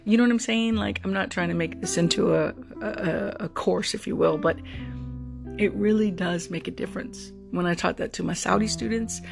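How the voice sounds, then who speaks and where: A rideshare driver shares a casual, reflective monologue, circling back on words as the thoughts come. The voice has a gravelly, creaky edge and sits in a middle pitch. Plucked guitar music plays clearly underneath. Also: normal speed. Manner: thoughtful, repeats words while searching for them.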